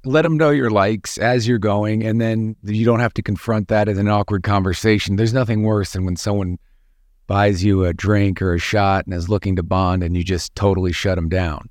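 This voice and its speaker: A man co-hosting a casual chat, telling anecdotes in an animated storytelling manner. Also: lowish voice, normal speed, no room sound, clean studio sound. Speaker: podcast co-host.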